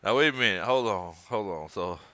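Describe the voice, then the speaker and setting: A man with a lowish but bright, forceful voice hosts a casual live stream. He reads viewers' comments aloud and chats about the game in an easygoing, unhurried way. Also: no echo. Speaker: livestream host. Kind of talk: casual watch-party commentary.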